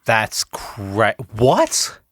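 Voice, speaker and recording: A man's voice: fairly low pitch, huge pitch swings, drawn-out words, a bit bright. A man co-hosting a casual podcast, blunt and jokey, swearing freely. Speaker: podcast co-host.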